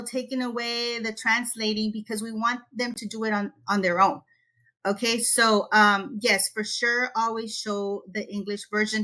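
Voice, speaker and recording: A woman guest educator giving an energetic, animated webinar presentation. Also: on the high side. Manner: energetic, animated teacher talk. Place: Texas.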